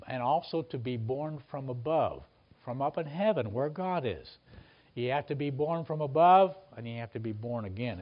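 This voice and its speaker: Male preacher, mid-pitched, earnest teaching sermon with fillers and restarts; slightly dull recording.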